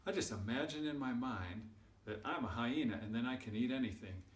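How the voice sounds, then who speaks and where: A man spinning a goofy tale for kids, swinging between quiet asides and big, bellowing peaks. His voice sits in a middling pitch and comes across roomy, from a mic set some distance away. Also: a little fast. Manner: exaggerated, builds up to loud shouts. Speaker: storyteller and channel host. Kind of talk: animated children's storytelling.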